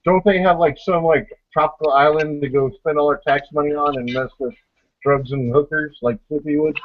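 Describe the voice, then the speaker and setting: A man's voice: on the high side, fairly even intonation, brisk, no echo. A man hosting a casual podcast pre-show chat over a voice call, blunt and profane, rambling as he talks. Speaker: podcast host. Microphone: online voice call. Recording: dull lo-fi voice call.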